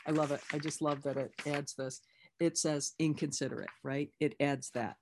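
A woman's voice: low-pitched, fairly even intonation, normal speed, a little mellow, a little hiss or hum. A woman leading an online recovery workshop, talking candidly and conversationally with many restarts.

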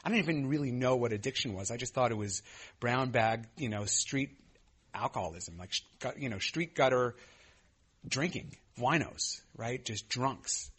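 A man's voice: mid-range voice, moderate pace, fairly bright tone, breathy edge. Candid man sharing his recovery story. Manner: candid, self-mocking, many fillers and restarts. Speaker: recovery meeting speaker. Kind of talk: personal testimony share.

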